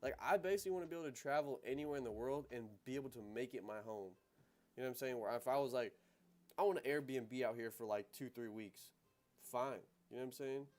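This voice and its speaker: A man's voice: mid-range voice, quick pace, a little mellow. A young American man hosting a casual livestream, talking in loose slang, rambling through asides and laughing easily. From United States. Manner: slangy and loose, peppered with "bro" and "you know what I'm saying". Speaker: livestream host.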